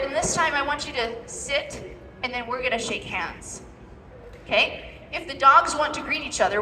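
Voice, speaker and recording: In a large indoor expo hall, a woman dog trainer runs a live demonstration, coaching handlers step by step and checking in with a repeated "okay?". Her voice is high, pushed and bright. The recording is echoey and distant, with slight background noise.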